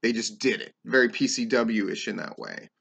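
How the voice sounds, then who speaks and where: A fairly low, gravelly, husky voice with a slightly bright edge belongs to a middle-aged podcast host reviewing a wrestling show. He talks at normal speed in a loose, rambling way, swearing often and saying "um" a lot.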